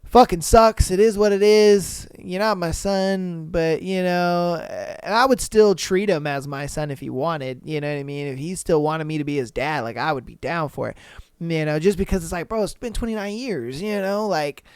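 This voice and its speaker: A man hosting a podcast, reading posts aloud and reacting bluntly in slangy talk with loud exclamations. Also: fairly high pitch, moderate pace, clean tone, no room sound, studio quality. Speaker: podcast host.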